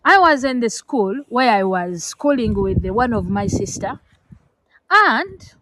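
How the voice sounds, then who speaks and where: A woman's voice: a little high, very animated, unhurried, noisy background. A middle-aged woman from Africa giving an earnest, lecturing talk about parenting, with many fillers and restarts, emotional and near tears. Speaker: vlogger. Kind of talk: emotional personal talk to camera.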